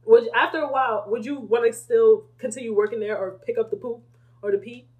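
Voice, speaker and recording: A woman's voice: fairly high pitch, a little fast, husky, narrow, tinny audio. A young woman leading a casual Bible study, explaining scripture and acting out quotes with laughter. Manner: animated, acts out quotes with laughter.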